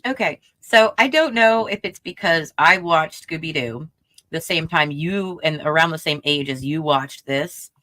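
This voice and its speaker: A woman co-hosting a podcast, chatting in an animated, exasperated way with lots of fillers. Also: low voice, measured pace, dry recording. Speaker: podcast co-host. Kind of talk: casual chat.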